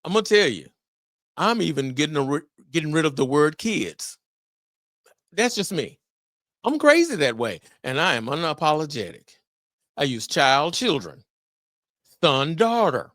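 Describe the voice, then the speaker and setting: A middle-aged man hosting a solo podcast on fatherhood, talking in an animated, preacher-like way with exclamations. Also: fairly high pitch, measured pace, long pauses, no echo, studio quality. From Memphis area, US. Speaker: podcast host.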